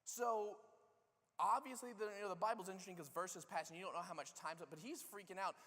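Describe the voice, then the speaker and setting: A man preaching, his slightly high voice ringing with the long reverb of a large church hall. He tells the story in a lively, casual way and acts out what each character says. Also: fast. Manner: animated storytelling, acting out characters' lines. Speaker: pastor. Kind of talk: sermon. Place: church sanctuary.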